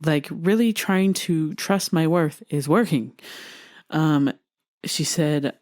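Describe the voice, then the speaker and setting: A woman's voice: sits low, slow, darkish tone, no echo, clean studio sound. A woman hosting a personal podcast, speaking openly and earnestly with frequent light laughs. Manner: open and earnest, laughs often, many fillers. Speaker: podcast host. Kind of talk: candid personal podcast talk.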